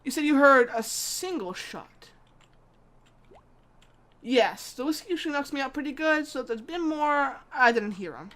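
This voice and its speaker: A woman's voice: high voice, lively intonation, normal speed, a bit bright. A woman voicing a folksy, rambling middle-aged male neighbor who drinks whiskey, reading video game dialogue aloud.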